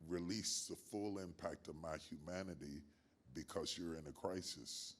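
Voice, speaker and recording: An older man with a grandfather's years, a pastor answering interview questions in a measured, emphatic preaching cadence with repeated phrases. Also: rumbling low, breathy edge. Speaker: guest pastor.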